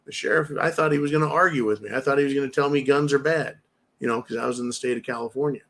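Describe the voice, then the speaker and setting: Talking fast in a medium-pitched, somewhat bright voice, a preparedness host in his fifties speaks directly to his viewers. It's a blunt, impassioned opinion monologue peppered with swearing.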